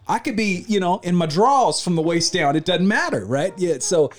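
A man hosting a podcast in casual chat, keeping up a steady stream of agreement while his guest talks. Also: high-pitched. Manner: constant backchannel agreement, quick talker. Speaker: podcast host.

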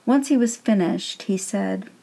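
A woman reading her own story aloud in a measured, gently wry narrating voice. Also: medium pitch, creaky.

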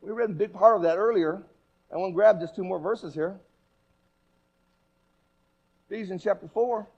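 A man with a fairly high voice preaches a sermon in a church. He swings between quiet, low asides and forceful, emphatic rhetorical questions. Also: fast talker, vocal fry, breathy edge, dull audio. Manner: animated, emphatic, repetitive questions.

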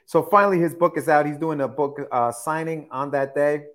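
A man's voice: a little high, fairly even intonation, a little fast, a bit bright. A man co-hosting a podcast, talking in a laid-back, joking way. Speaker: podcast co-host. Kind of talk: casual chat.

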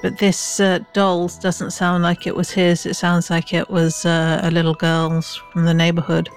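Lower-voiced woman planning aloud. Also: completely flat delivery, normal speed, faint music behind. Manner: thoughtful, suggests plans. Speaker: player. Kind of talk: casual tabletop game chat.

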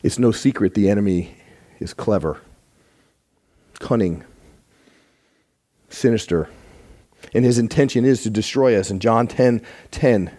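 Earnest male church teacher, emphatic sermon delivery, warm tone. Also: on the low side.

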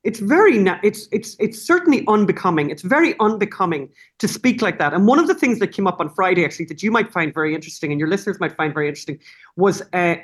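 Middle-aged woman guest, mid-pitched voice, animated and rambling, full of restarts. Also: quick pace. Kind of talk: casual interview talk.

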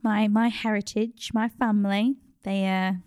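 A woman in her thirties or forties chats on a podcast, playful and quick to laugh. Her voice sits at a middle pitch. It is recorded dry and close, with no room echo. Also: flat delivery, darkish tone. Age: 30s to mid 40s. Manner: chatty, playful, laughs often. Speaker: podcast co-host. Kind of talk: casual chat.

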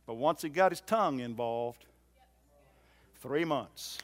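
A man preaching a sermon in a church, swinging from loud emphatic lines to soft low ones and repeating phrases for emphasis. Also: animated, slow pace, long pauses. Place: church hall.

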